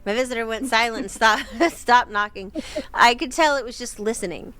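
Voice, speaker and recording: A woman's voice: a little high, normal speed, sharp tone. A young woman casually reading a horror story aloud, breaking off with giggling, swearing asides. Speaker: story reader.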